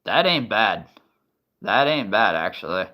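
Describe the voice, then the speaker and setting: A man's voice: on the low side, sing-song, measured pace, lo-fi sound. A man hosting a casual livestream from a relative's house, rambling and chuckling between remarks. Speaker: livestream host. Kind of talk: casual live-stream chat.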